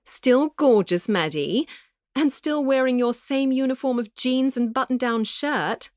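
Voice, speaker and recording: A prim young English woman bubbles over with fussy enthusiasm, as a woman narrator puts her on. She speaks with a proper, clipped accent, pitched well above a plain speaking voice, in a dry, close audiobook recording. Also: unhurried, darkish tone, no room sound. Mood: gushing.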